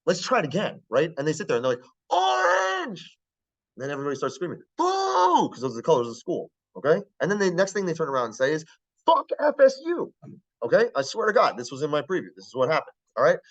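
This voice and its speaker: A man's voice: fairly high pitch, expressive, racing, hardly any pauses, highs cut off. A man giving a casual classroom lecture, blunt and profane, who keeps checking whether the class understands.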